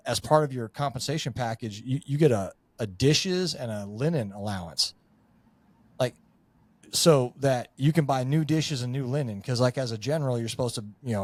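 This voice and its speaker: A middle-aged man in a relaxed podcast conversation, rambling and swearing as he goes. He leans on fillers like "you know" and "like", and the recording is dry, with no room sound. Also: medium pitch, no room sound. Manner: rambling, profane, full of fillers. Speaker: podcast guest, former Marine Raider.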